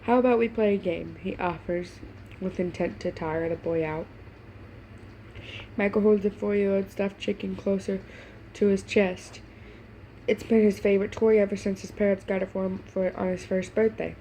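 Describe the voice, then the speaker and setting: Woman reader, warm mellow voice, slight hiss behind, reads fan fiction with stumbles and voiced lines. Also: medium pitch, flat delivery, normal speed, low-quality recording. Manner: stumbling over words, breaking off to gush; puts on voices for the characters. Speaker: fanfiction reader. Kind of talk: reading fan fiction aloud with reactions.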